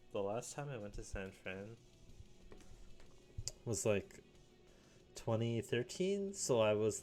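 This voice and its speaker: A man's voice: fairly low pitch, darkish tone. A young man in his late teens rambling casually in a solo vlog, full of fillers and little chuckles. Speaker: vlogger.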